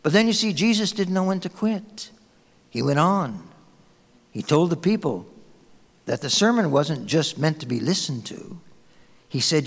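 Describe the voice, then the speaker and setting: Pastor, male, sermon: anecdotal and conversational, animated, a little high, in a long-reverb hall. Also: moderate pace. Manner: storytelling, conversational, warm anecdotes.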